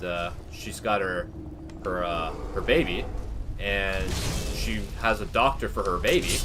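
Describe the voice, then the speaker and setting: Rambling, low-voiced man streaming a game. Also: background noise. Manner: rambling and candid, with many fillers and occasional swearing. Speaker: gaming livestreamer. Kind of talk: casual chat while playing a game.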